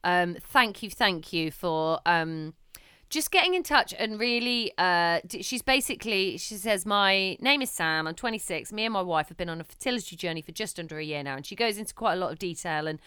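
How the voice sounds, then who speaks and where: A woman's voice: lowish voice, animated, brisk, sharp tone, clear, resonant tone, no echo, clean studio sound. A woman co-hosting a casual parenting podcast, chatty, laughing often and trailing off with ums. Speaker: podcast co-host. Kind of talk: casual chat.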